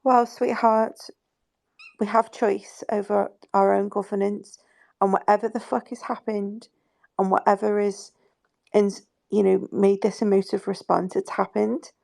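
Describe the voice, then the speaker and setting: A woman with a gravelly, fry-edged voice, calming someone down in a casual chat. She speaks in a soothing, reassuring way and swears freely. The sound is close and dry. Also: medium pitch, a little slow, dry recording. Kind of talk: casual live group chat.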